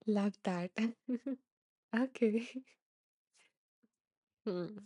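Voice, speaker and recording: A woman hosting a podcast, gently reading and answering live listener comments, soft-spoken and laughing softly, emotional and close to tears. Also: mid-range voice, extremely slow, no echo. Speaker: podcast host.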